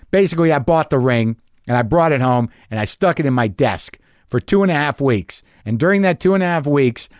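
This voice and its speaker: A man's voice: fairly high pitch, a little mellow, clean tone, no echo, studio quality. A middle-aged man hosting a podcast, telling a rambling, profane, self-mocking story in a casual monologue. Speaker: podcast host.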